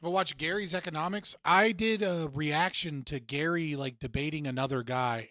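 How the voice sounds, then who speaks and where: A man's voice: a little high, a bit bright, no echo. A man hosting a livestream, reacting to clips with heated, sarcastic, profane commentary. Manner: heated, sarcastic, swears often.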